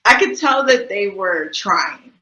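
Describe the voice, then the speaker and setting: A woman's voice: mid-range voice, animated, takes it slowly, pushed and bright. A woman in her thirties from the USA, chatting casually as an interview guest with many fillers and easy laughs. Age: 30s. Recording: dull lo-fi sound, roomy echo.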